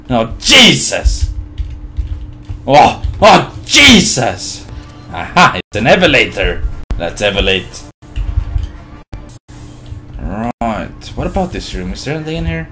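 Excitable man shouting over a game. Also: on the low side. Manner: mutters quietly between outbursts. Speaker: let's play host. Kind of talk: gameplay commentary.

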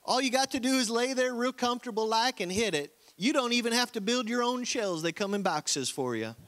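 A man's voice: extremely high pitch, animated, brisk, fairly bright tone, voice pushed up. A man voicing a naive young male country-boy Marine recruit with a put-on Southern accent, reading his letter home in a folksy drawl. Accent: American Southern (put on). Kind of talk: comic letter reading in a sermon.

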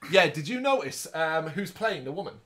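A man co-hosting a podcast, chatting casually and recapping a movie in an animated way, with quick asides in put-on voices. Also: fairly high pitch. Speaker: podcast co-host. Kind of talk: casual movie review chat.

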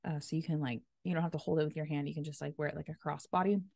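A woman's voice: low voice, fairly even intonation, racing, gravelly, a little mellow, dry recording. A woman in her thirties hosting a casual solo podcast, upbeat and chatty with lots of filler words, buzzing after a workout. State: energized after a workout class. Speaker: podcast host.

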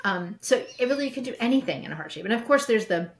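A woman's voice: fairly high pitch, animated, quick pace, slight background noise. A middle-aged woman hosting a podcast, talking in an enthusiastic, chatty way with plenty of fillers. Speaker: podcast host. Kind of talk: casual chat.

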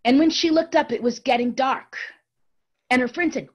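A woman storyteller tells a tale to an audience, addressing listeners directly as she swings from bright, raised tones to hushed near-whispers. Her voice is high-pitched and her pace is normal, fitting an oral storytelling lecture.

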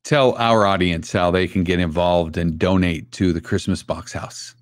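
A man's voice: low voice, fairly even intonation, normal speed, no echo, clean studio sound. A man hosting an interview, thanking his guest and pointing viewers to the charity. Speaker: show host.

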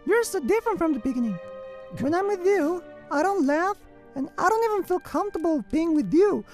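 A man's voice: very high voice, expressive, faint music behind, pitched above the performer's own voice. A man voicing a young woman pleading and nagging at her boyfriend while he drives. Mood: frustrated pleading. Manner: pleading, rapid, exasperated.

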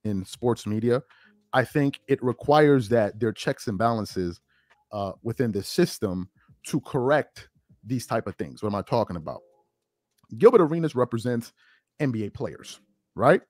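Man, mid pitch, animated, blunt, mocking, joking insults, opinion commentary, dry close sound. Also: normal speed, no room sound. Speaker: online commentator.

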